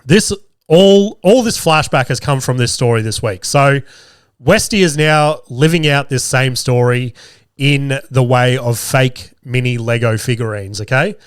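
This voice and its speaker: An Australian man in his thirties tells a story on his podcast in a loose, animated way and swears freely. His voice sits at an ordinary middle pitch. The sound is dry and close, with no room echo. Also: measured pace, clean tone. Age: 30s. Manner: swears constantly, animated and laughing while telling stories. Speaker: podcast host. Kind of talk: casual storytelling. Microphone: camera with podcast mic.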